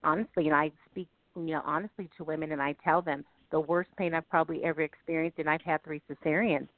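A woman's voice: low-pitched, fairly even intonation, quick pace, dry recording. A woman giving heartfelt, candid personal testimony as an interview guest. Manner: candid, heartfelt, speaks directly to listeners. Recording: dry, tinny phone-like sound.

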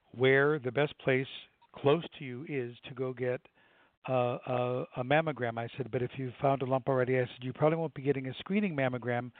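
A man's voice: medium pitch, no room sound. An older man, a nonprofit director, earnestly telling a story in an interview with frequent restarts. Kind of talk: conversational interview answers. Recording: dry, tinny phone-like sound.

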